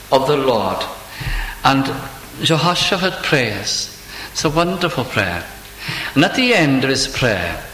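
A man preaching a sermon, slowing down to linger over scripture quotes. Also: medium pitch, a bit bright, a little hiss or hum. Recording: roomy sound with faint ambience.

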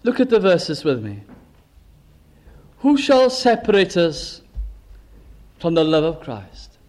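A man preaching a sermon, working deliberately through rhetorical questions and drawn-out lists of words. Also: sits high, wildly swooping pitch, a little mellow.

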